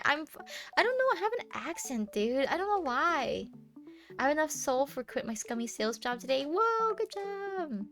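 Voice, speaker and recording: A young woman with a high, bright-sounding voice, live-streaming and bantering casually with her chat. She is giggly and teasing, rambling through her thoughts with plenty of "like" and restarts. Soft music plays faintly underneath. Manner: playful, giggly, teasing, rambling with many fillers.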